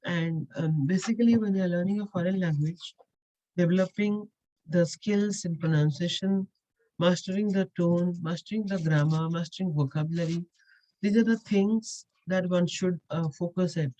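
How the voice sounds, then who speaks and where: A woman's voice: lowish voice, normal speed, dark tone, dry recording, lo-fi sound. A woman, a Chinese language teacher explaining step by step with patient repetition and frequent hesitations. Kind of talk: explanatory lesson with Q&A.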